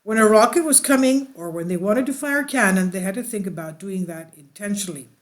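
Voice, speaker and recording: A woman with an alto voice, a church leader telling a personal testimony and reading an article aloud, unhurried and rambling. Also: medium pitch.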